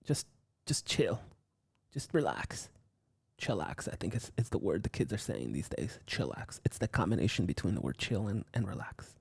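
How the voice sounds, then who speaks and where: A smug, self-important businessman murmurs down at his crew, his voice dropped low and quiet with a gravelly edge, as a man puts him on. He lectures patronizingly and refers to himself in the third person. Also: very animated, moderate pace, no room sound, full character voice. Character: smooth self-important male businessman, middle-aged.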